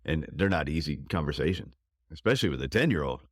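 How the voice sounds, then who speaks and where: A male podcast host speaking in a measured, thoughtful way with some restarts. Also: a bass voice, expressive, no echo, clean studio sound. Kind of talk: conversational interview.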